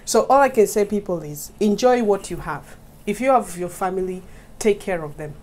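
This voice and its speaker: Woman from Kenya, casual vlog, chatty, laughs often, talks straight to viewers, mid-pitched voice. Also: animated, moderate pace, darkish tone. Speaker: YouTube vlogger. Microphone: mic set up in front of her.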